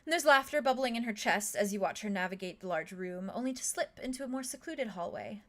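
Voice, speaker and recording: Acting as game master for a tabletop role-playing game, a woman narrates in a casual, rambling style, full of fillers and small chuckles between lines. Her voice is mid-range with a fairly bright tone.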